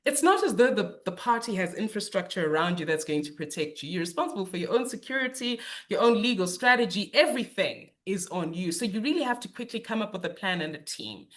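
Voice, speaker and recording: A middle-aged woman, a lawyer and politician, giving candid personal testimony in a webinar talk, animated and emotional, with many fillers. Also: mid-range voice, fast talker, few pauses.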